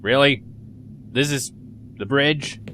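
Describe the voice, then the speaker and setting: A man's voice: mid-range voice, slow, sharp tone, a little hiss or hum. A man giving chatty, joking let's play commentary as he plays a game. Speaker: gamer commentator.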